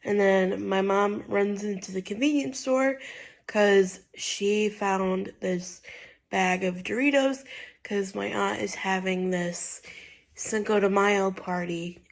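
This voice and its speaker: A young woman tells a story to her vlog audience at an unhurried pace, her voice sitting in an ordinary middle range. She rambles, circles back and leans on "like" and "you know" as she recounts what happened. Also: mid-range voice, gravelly. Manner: rambling, full of "like" and "you know", retelling with feeling. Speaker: vlogger. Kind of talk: casual storytelling to camera.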